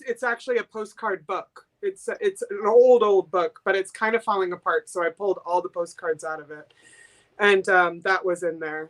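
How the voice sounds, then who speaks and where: A woman from Boston chatting casually and enthusiastically as a guest seller on a live-stream sale. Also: fairly low pitch. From Boston, USA. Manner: chatty and enthusiastic, quick giggles.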